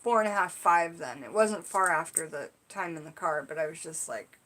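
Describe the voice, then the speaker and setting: A woman's voice: deep voice, normal speed, fairly bright tone. Chatty woman teaching on a live stream. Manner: chatty, rambling, frequent "like" and "you know". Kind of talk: casual livestream teaching and storytelling.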